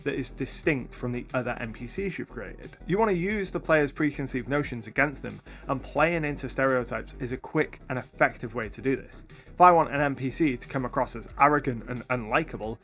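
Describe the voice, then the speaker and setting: A man hosting a tutorial for game masters, talking to camera with upbeat, lively energy. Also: mid-range voice, brisk, faint music behind. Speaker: YouTube host and game master.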